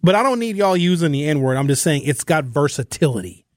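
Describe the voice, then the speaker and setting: A man's voice: on the high side, lively intonation, fairly quick, no room sound. A man hosting a casual talk radio show from a studio, joking and offhand. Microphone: studio mic.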